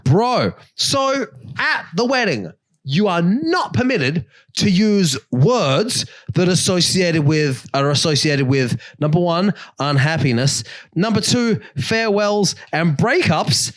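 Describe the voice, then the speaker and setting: Playful low-voiced woman. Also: very animated, takes it slowly. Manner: playful, exaggerated, slangy. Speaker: podcast co-host. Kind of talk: casual comedic chat.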